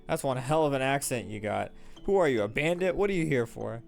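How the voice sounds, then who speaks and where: A man voicing a rude, jaded village boy who talks in a gruff, dismissive way and swears. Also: medium pitch, expressive, fairly quick, soft background music.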